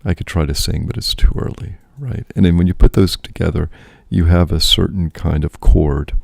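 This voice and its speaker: A man's voice: low voice, normal speed, gravelly, a little mellow, breathy edge, dry recording, studio quality. A man, a priest and host, musing aloud in casual spoken reflection, often checking in with "right?".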